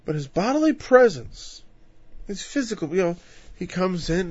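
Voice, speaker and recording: A man's voice: high voice, big pitch swings, moderate pace, darkish tone, husky, no room sound, highs cut off. Casual male Bible teacher, dry sound. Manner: casual, acts out quotes in voices. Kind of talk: conversational sermon.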